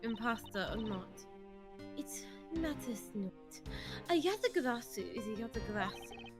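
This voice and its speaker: A woman's voice: fairly high pitch, expressive, normal speed, over music. A woman voicing an arrogant young woman prosecutor in a put-on foreign accent, stumbling now and then. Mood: haughty. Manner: haughty, stumbling over lines.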